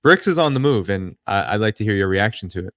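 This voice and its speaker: A man's voice: fairly low pitch, animated, quick pace, a bit bright, dry recording, studio quality. A man hosting an interview, putting a question to his guest over a video call. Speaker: host.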